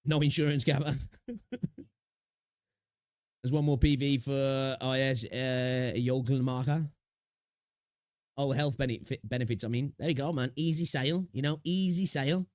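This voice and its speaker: A man's voice: mid-range voice, steady tone, normal speed, darkish tone, no room sound, clean studio sound. A young man chatting casually on a live stream, reacting to videos, talking to his chat with slang and frequent laughs.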